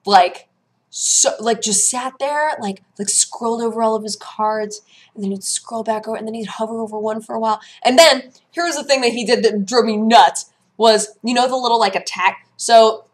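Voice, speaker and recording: A woman vlog host chatting casually and telling lively stories, acting out her own reactions in hushed voices. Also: mid-range voice. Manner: animated storytelling, acts out her own quotes in hushed voices. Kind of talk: casual chat.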